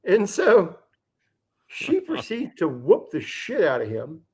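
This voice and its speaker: A man hosting a livestream, telling a fishing story in a casual, animated and profane way. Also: fairly high pitch, slow, breathy edge. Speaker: livestream host.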